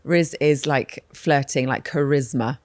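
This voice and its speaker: A woman's voice: a bass voice, unhurried, a little mellow, dry recording, clean studio sound. A woman co-hosting a podcast, chatting casually and laughing often. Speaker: podcast co-host. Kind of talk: casual chat.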